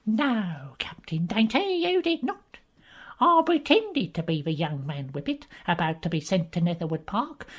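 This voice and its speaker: A woman's voice: mid-range voice, husky. A woman voicing a theatrical spy who is a master of disguise in a comedy audio play, declaiming dramatically.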